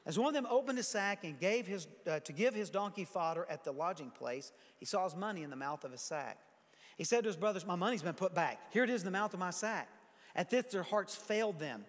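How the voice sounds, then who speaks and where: Pastor guy preaching, high voice, chatty asides between bible verses, big echoey church hall. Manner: conversational preaching with asides and scripture reading. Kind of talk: sermon. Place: large church sanctuary.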